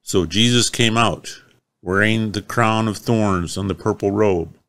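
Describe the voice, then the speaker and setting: A man reading scripture aloud in a solemn, measured way. His voice sits on the low side and moves at a very slow pace. The recording is dry and close. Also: fairly even intonation, fairly bright tone, no room sound. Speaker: scripture reader. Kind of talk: Bible reading.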